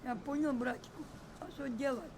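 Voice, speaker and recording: A woman's voice: high voice, fairly quick. An older woman, a pensioner, answering questions in a resigned, plain-spoken way. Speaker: pensioner met at a bus station. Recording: noisy outdoor recording.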